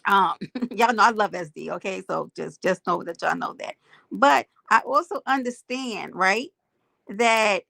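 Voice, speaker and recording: A woman's voice: mid-range voice, a little slow, gravelly, pushed and bright, no room sound. A woman hosting a casual livestream, greeting viewers by name and making emphatic points to her chat. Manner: emphatic, preachy asides. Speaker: livestream host.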